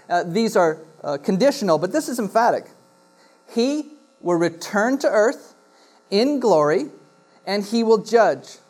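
A pastor in church reads a scripture passage aloud, then explains it to the congregation in a sermon, often pausing on uh and restarting phrases. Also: mid-range voice, darkish tone.

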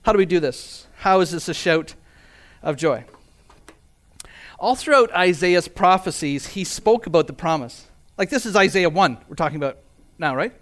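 A man's voice: sits high, expressive, normal speed, long pauses, a bit bright. A man preaching a sermon as pastor, earnest and emphatic, reading scripture aloud and asking rhetorical questions. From Canada.

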